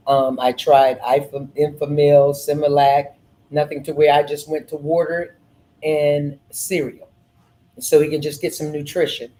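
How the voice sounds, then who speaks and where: A middle-aged woman hosting a podcast, telling stories in an earnest, animated way and repeating phrases. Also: low-pitched, a little slow, poor audio. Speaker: podcast host. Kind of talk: casual storytelling chat.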